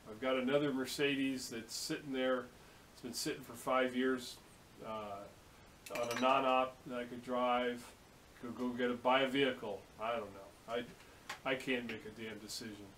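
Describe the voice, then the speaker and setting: In a low-quality recording with a little hiss or hum, a male vlogger from the San Francisco Bay Area, USA, speaks in a steady, mid-range, slightly bright voice at a moderate pace. He rambles chattily inside a vehicle, cursing and telling stories with quoted dialogue.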